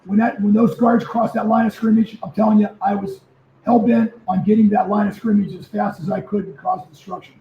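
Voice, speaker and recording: Animated older man with a high voice telling stories. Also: a little fast, gravelly, a little hiss or hum. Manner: animated storyteller who repeats words. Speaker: guest, former pro football player. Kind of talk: casual storytelling interview. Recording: echoey, muffled remote audio.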